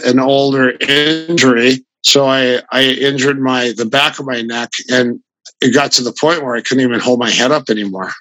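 An older man with a gravelly voice, a grappling coach telling rambling, animated stories in an interview. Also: mid-range voice, no room sound, poor audio. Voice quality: gravelly voice from a flattened throat. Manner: rambling, animated anecdotes with restarts. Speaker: guest, grappling fighter and coach. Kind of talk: casual storytelling in an interview.

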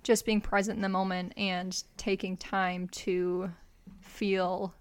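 A woman's voice: mid-range voice, flat delivery, takes it slowly, clear, resonant tone. A young woman co-hosting a podcast in casual chat, chatty and filling her speech with "like". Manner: chatty, heavy use of "like", often laughing. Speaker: podcast co-host.

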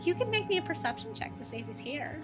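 A woman narrating as game master of a tabletop role-playing game, animated, with loose fillers and frequent laughter. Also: very high-pitched, fast, music in the background.

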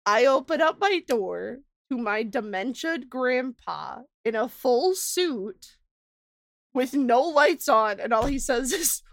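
A young woman in her twenties, co-hosting a podcast, telling a childhood story in an animated way, laughing and swearing. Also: high-pitched, slow, creaky, no room sound, clean studio sound. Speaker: podcast co-host. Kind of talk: casual chat, storytelling.

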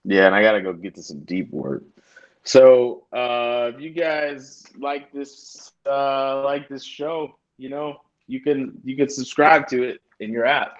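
A man's voice: mid-range voice, unhurried, highs cut off. A man co-hosting a podcast, joking and teasing while loosely plugging the show. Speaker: podcast co-host. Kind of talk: casual roundtable chat.

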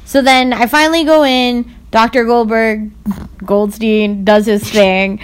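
A young woman with a slightly high voice, chatting casually on a podcast. She tells her stories in an animated way and acts out what other people said along the way. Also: a little slow, smooth. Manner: animated storyteller who acts out others' lines. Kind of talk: casual chat.

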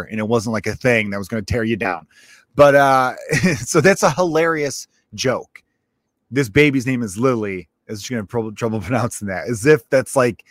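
A young male stand-up comedian holds forth in a loose, profane podcast monologue, often restarting his sentences mid-thought. His voice sits at an ordinary male pitch. It is recorded close on the mic in a dry space with no room echo. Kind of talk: casual solo podcast monologue.

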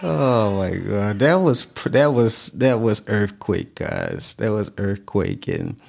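A male vlog host speaks with a low, gravelly voice. He talks casually and earnestly to his audience. He keeps circling back to repeat his point. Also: very animated, takes it slowly. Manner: earnest, repeats himself for emphasis. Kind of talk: casual talk to camera.

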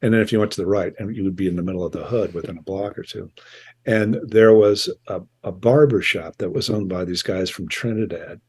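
An older man, a musician, telling a rambling, animated anecdote in a casual chat. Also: deep voice, a little fast, slightly rough, no echo. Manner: rambling, animated storytelling with restarts and chuckles. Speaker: musician guest.

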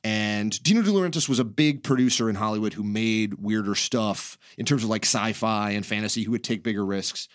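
A man's voice: on the low side, brisk, few pauses, dry recording, clean studio sound. A man hosting a podcast in casual chat, rambling through stories, laughing often and swearing casually. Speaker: podcast host.

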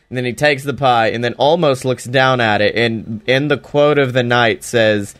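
A man's voice: mid-range voice, moderate pace, few pauses, fairly bright tone. A man casually recapping a wrestling show, profane and sarcastic, often slipping into mocking voices.

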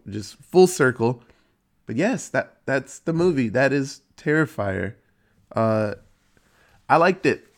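A man at a middle pitch, retelling a horror movie plot in a loose, conversational way. He swears freely and tells the story with animated energy, his voice leaping up now and then for emphasis. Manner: profane, animated storytelling with sudden pitch jumps. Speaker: movie reviewer. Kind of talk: casual movie recap.

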